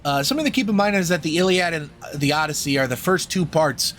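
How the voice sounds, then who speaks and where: A man's voice: on the high side, quick pace, a bit bright, faint music behind. Rambling, profane young man on a podcast. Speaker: podcast co-host reviewing a film. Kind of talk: casual chat.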